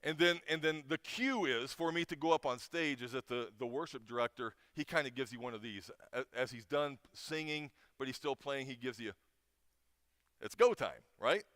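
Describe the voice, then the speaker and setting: A middle-aged man speaks at a chapel gathering in an easy, conversational way, more like a family talk than a sermon. His storytelling is emotional and full of little restarts. The sound is dry and close, with an average pitch for a man. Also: brisk, hardly any pauses, sharp tone, no echo.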